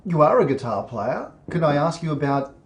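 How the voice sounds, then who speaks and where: A man's voice: fairly high pitch, very animated, normal speed. A male interviewer asking brief, easygoing questions in a casual chat.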